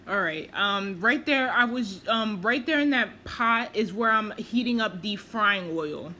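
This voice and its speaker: A woman's voice: mid-range voice, expressive, slow, pauses often, bright, forceful tone, slight background noise. A woman talking casually over her cooking video, chatty and self-deprecating, with plenty of fillers as she explains each step. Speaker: cooking vlogger.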